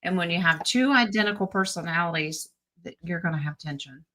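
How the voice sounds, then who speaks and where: A woman's voice: on the low side, lively intonation, a little fast, fairly bright tone. A woman, a tarot reader co-hosting a casual group chat who gives blunt, joking advice and laughs often.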